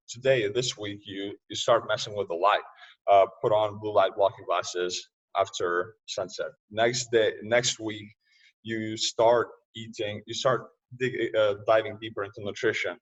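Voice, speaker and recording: A man speaking as a podcast guest in casual interview talk, loose and quick to laugh, often restarting his sentences. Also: on the low side, husky. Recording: distant, muffled remote audio.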